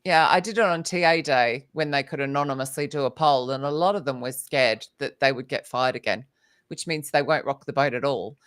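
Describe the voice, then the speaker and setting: A woman's voice: rumbling low, a little fast. A woman author speaking as a podcast guest, chatting animatedly and laughing often as she acts out what people said. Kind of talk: casual podcast conversation. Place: lives in the UK.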